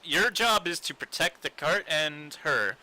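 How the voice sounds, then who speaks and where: Brief: bright-toned man, unhurried, chuckling between lines. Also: on the high side, lively intonation, low-quality recording. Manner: slow, laughing, joking. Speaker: tabletop game player. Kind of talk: casual game chat.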